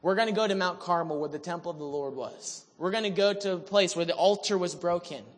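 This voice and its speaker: A man's voice: high-pitched, quick pace, natural voice. A preacher voicing a cocky, defiant male prophet who taunts his rivals in a self-assured way. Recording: reverberant hall.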